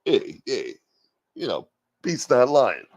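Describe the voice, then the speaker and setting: A man voicing a rowdy male street heckler who jeers loudly and needles people. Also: mid-range voice, wildly swooping pitch, slow, gravelly, heavily acted. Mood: jeering. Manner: loud, jeering, needling. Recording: dull lo-fi stream audio.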